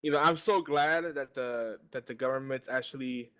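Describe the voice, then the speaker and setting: A man in casual podcast chat, calling in over video and venting with plenty of swearing. His voice sits in an ordinary middle pitch, and he keeps stammering and restarting his sentences. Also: moderate pace, a bit bright. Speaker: podcast co-host. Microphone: joined by video call.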